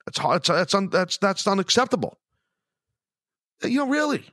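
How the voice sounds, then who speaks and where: A man's voice: sits high, very animated, normal speed, a bit bright, no echo, studio quality. A middle-aged man hosting his own podcast, ranting angrily and rambling with plenty of swearing. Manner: angry, profane, rambling. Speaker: podcast host.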